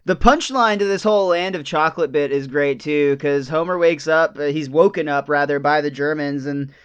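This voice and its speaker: A man hosting a podcast, casually recapping scenes in a lively, storytelling way. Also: fairly high pitch, moderate pace, clear, resonant tone, lo-fi sound. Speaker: podcast host.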